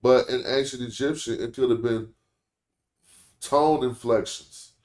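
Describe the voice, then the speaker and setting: A man's voice: mid-range voice, a little slow, darkish tone. Guy explaining stuff on a stream, chatty and laid back, roomy sound. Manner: explanatory, conversational, thinks aloud. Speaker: language teacher, stream host. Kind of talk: casual live-stream lesson. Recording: roomy echo.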